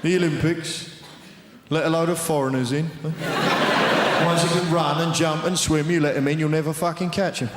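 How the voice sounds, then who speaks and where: A man's voice: fairly high pitch, steady tone, normal speed, very noisy, voice pushed down, close to an everyday voice. A man playing a suspicious, ranting middle-aged British xenophobe. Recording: roomy theatre, loud crowd.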